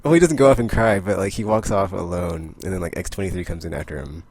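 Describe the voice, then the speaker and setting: A man's voice: sits low, fast, darkish tone, no echo. A young man casually recapping comic issues in a rambling way, full of fillers and quoted character lines. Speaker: comic book vlogger.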